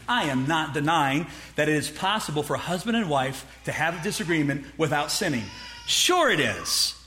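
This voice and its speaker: A male pastor delivers an emphatic sermon in a high, bright voice. He swings his pitch widely, drives his points home with repetition, and throws out rhetorical questions to the congregation. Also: expressive, normal speed, slight background noise. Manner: emphatic preaching, mock dialogue with the congregation; rhetorical questions and repeated phrases.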